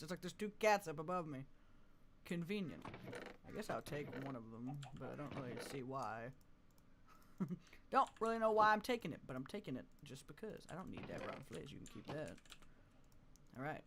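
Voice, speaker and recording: A man with a high, bright voice narrates his own gameplay on a live stream. He drifts between quiet, mumbled asides and loud, cartoon-like outbursts, chatting and laughing at himself, with a faint hiss of noise underneath. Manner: chatty, self-deprecating, laughs often. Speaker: gaming streamer.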